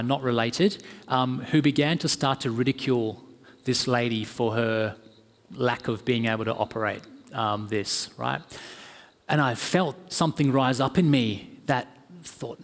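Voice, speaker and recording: Aussie guy preaching in church, chatty storytelling, mid voice, long hall echo. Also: medium pitch. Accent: Australian. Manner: earnest, conversational storytelling with fillers. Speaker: guest preacher. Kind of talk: sermon.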